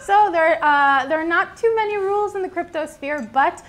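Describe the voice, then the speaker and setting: A young woman from New York co-hosts a casual news show, chatty and reading out comments with filler ums. Her voice is extremely high-pitched and fairly bright, at a moderate pace.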